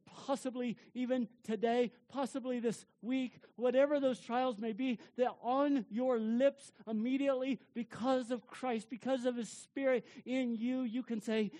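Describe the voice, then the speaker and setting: A pastor delivers a sermon in a conversational, emphatic manner. Phrases are repeated and built up for force, and key words are drawn out slowly for stress. Casual asides break in between the heavier points. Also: medium pitch, steady tone, warm tone. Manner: emphatic, building repetition.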